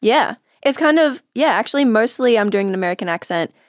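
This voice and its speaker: A woman's voice: fairly high pitch, expressive, brisk, dry recording, clean studio sound. A young adult woman with an Australian accent, a commercial actor chatting casually as a guest, giggling often and joking at her own expense. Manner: giggly, self-deprecating. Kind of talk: casual chat.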